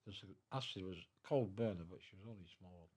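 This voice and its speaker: Sitting in his living room for an interview, a man in his nineties recounts his experiences as a veteran in a deep, dark, mellow voice with a slight roughness. He falters and repeats words along the way, slipping into the voices of the characters in his story.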